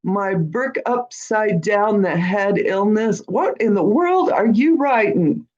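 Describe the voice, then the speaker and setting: A woman's voice: mid-range voice, animated, slow pace, darkish tone, lo-fi sound. A woman hosting a live-stream Q&A who reads out viewer comments and talks in a chatty, encouraging way, often checking in with "all right?". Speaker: host of a witchcraft channel.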